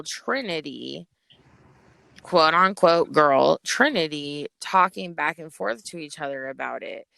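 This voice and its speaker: A woman's voice: lowish voice, clear, resonant tone, no room sound. A woman rapper guesting on a podcast, telling a story in a blunt, casual way with lots of swearing. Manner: blunt, heavy swearing, animated retelling.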